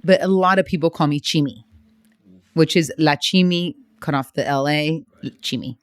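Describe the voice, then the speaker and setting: Podcast guest: woman from San Diego, smooth clear voice, dry close sound, measured explaining. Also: low-pitched, fairly even intonation, no echo. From San Diego, United States. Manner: explains in measured phrases, laughs easily. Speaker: flamenco dancer, guest. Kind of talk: podcast interview.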